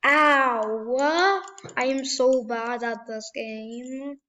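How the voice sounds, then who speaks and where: A young woman giving casual commentary while playing a shooter game, muttering to herself and bursting into yells and trash talk. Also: sits high, extremely slow, muffled recording, slight background noise. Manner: animated, trash-talking, bursts of yelling. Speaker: gamer.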